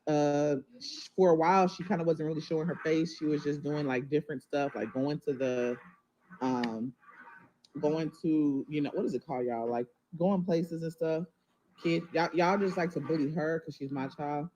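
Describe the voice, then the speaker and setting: A woman's voice: low voice, fairly even intonation, moderate pace, dark tone, lo-fi sound, a little hiss or hum. A mother talking to viewers on a livestream, rambling and emotional, often turning to the audience with y'all. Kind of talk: casual livestream talk to viewers.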